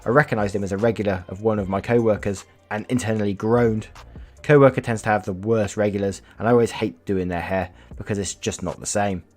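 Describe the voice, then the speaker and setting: Casual low-voiced male story reader. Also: steady tone, fairly quick, a little mellow, soft background music. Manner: casual, swears, reacts and laughs between readings. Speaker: storytelling YouTuber. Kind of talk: reading online stories with commentary.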